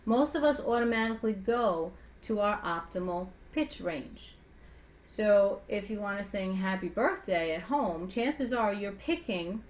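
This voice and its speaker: Woman voice coach, energetic and chatty, mid-pitched, teaching as she talks. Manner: energetic, chatty, asks rhetorical questions; speaks with a singer's trained voice. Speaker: voice coach guest. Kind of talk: conversational teaching with vocal demonstrations.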